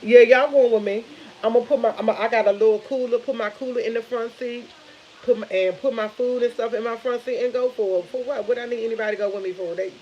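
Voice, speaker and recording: A woman's voice: a little high, fairly even intonation, fast. A talkative woman speaks casually on her own live stream. She rambles from one thing to the next and retells what family members said. The audio is slightly dull, with a faint hiss underneath. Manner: chatty, rambling, retells conversations. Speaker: vlogger.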